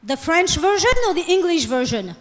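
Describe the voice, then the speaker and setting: A woman's voice: very high voice, animated, normal speed. A woman teaching French in a classroom lecture, switching between English and French and coaxing the class with questions. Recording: long hall reverb.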